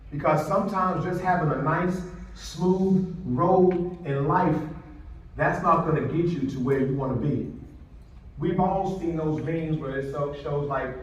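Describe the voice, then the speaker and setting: A man's voice: fairly high pitch, measured pace, muffled recording. A man giving an inspirational speech, telling a personal story and acting out the voices of the people in it. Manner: animated storyteller who acts out quoted voices. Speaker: motivational speaker. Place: large indoor hall. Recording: echoey hall from far off.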